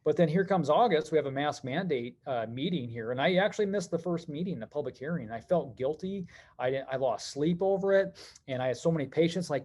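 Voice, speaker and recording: A middle-aged man telling stories as a podcast guest, animated and quick, with many fillers. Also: fairly high pitch. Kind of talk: conversational podcast interview.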